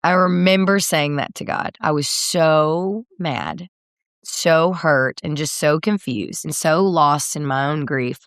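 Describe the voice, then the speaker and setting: A woman in her thirties talks through a personal story in an interview, pausing on fillers and laughing softly. Her voice sits a little low. The sound is dry and close to the mic. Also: clear, resonant tone, no echo. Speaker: guest, country singer. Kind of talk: candid podcast interview.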